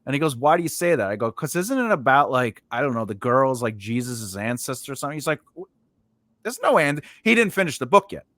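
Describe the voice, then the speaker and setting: A man's voice: mid-range voice, big pitch swings, a little fast, a bit bright, no echo. A man hosting a casual chat over a video call, telling rambling stories full of fillers and restarts. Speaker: podcast host.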